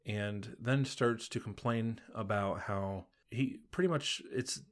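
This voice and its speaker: Podcast co-host, man, plain and steady, walks through plot points. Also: on the low side, takes it slowly. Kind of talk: casual TV recap narration.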